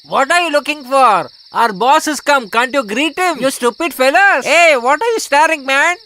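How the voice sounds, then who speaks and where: A man's voice: very high-pitched, expressive, moderate pace, sharp tone, a little hiss or hum, exaggerated voice. An actor dubbing a cocky young male henchman who collects money for his boss, talking bossily and mockingly. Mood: bossy. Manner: bossy, mocking. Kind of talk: English film dub.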